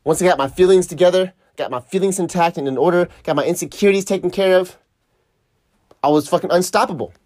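A man's voice: high voice, quick pace, darkish tone, dry recording. Man, casual storytelling, swears a lot, laughs often, dry close sound. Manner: profane, laughing, reflective. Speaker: surf vlogger.

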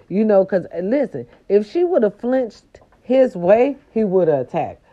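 An older woman telling a story to her viewers in a casual, animated, profane way, with speech. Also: mid-range voice, moderate pace. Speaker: storyteller vlogger. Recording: dull lo-fi recording.

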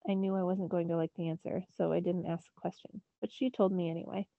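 A woman's voice: on the low side, flat delivery, quick pace, vocal fry, dry recording, dull audio. A teacher reading a novel aloud to her students, narrating expressively in the first person. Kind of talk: storybook read-aloud.

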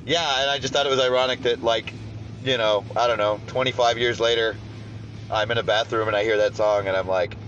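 A man's voice: mid-range voice, fairly even intonation, a little fast, fairly bright tone, muffled recording, a little hiss or hum. A man hosting a podcast, chatting casually and rambling, swearing freely. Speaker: podcast host.

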